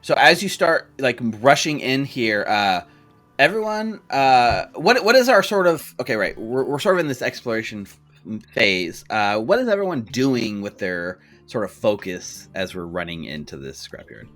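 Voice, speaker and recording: Man as casual game master, bright tone, faint music underneath. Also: mid-range voice, huge pitch swings, moderate pace. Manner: loose narration with many fillers and restarts. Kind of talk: narrating a tabletop game.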